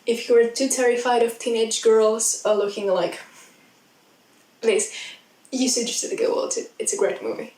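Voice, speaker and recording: A young woman chatting excitedly in a rambling film review vlog. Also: on the high side, unhurried, long pauses. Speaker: vlogger. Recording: echoey sound, mic at a distance.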